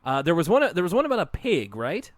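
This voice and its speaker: A man's voice: fairly high pitch, huge pitch swings, quick pace, no echo. Chatty man with a dry close sound. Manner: chatty, laughs often, jokey. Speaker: podcast co-host. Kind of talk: casual chat.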